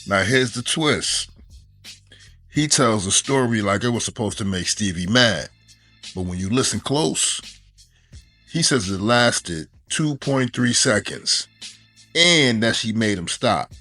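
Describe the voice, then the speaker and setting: Male commentator with a lowish voice and a sarcastic roast style, faint music underneath. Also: lively intonation, takes it slowly, bright, forceful tone. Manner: mocking, punchline-heavy roast delivery.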